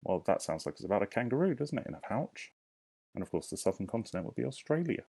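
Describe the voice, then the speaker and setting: A low, gravelly male voice, recorded dry and close with no room sound. He is a primary teacher giving a recorded lesson. He talks slowly to young children, asks questions and counts syllables aloud. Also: big pitch swings, dark tone, dry recording.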